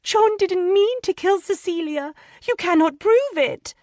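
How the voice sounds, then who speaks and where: A woman voicing a hysterical, weeping young noblewoman in an audiobook, shrill and pleading. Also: lively intonation, measured pace, a little mellow, no room sound, clean studio sound.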